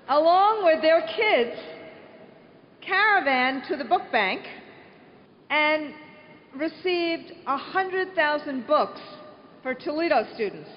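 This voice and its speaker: A woman giving a prepared conference speech, reading out announcements deliberately. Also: high-pitched. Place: large conference hall. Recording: reverberant hall, dull lo-fi sound, faint hiss.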